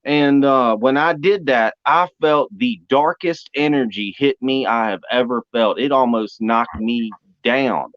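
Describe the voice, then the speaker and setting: A young man telling a spiritual testimony story, animated and acting out the voices he quotes. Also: medium pitch, a little slow, few pauses, dry recording. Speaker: speaker giving testimony. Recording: dry, dull lo-fi audio.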